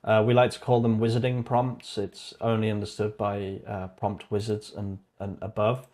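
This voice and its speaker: A man chatting casually on his own livestream, cracking jokes and laughing at them himself. His voice sits slightly low and the talk is loose and unscripted. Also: flat delivery, normal speed, a little mellow. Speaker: channel host.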